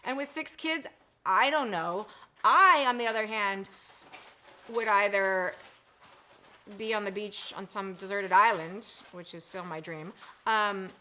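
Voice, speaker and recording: A middle-aged woman hosting a live-stream show. She greets viewers in the chat warmly and effusively, chatting with lots of "um" and "you guys". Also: medium pitch, measured pace, long pauses, a little hiss or hum. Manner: effusive and gushing, chatty with frequent 'um' and 'you guys'.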